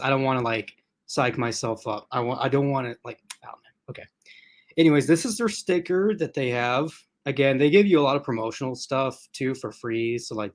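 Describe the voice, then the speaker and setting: Chatty rambling man on a livestream. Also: medium pitch. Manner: rambling, chatty, frequent fillers and restarts; laughs often. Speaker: host of livestream unboxing. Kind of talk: casual livestream chat. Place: at home in front of a laptop. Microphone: laptop.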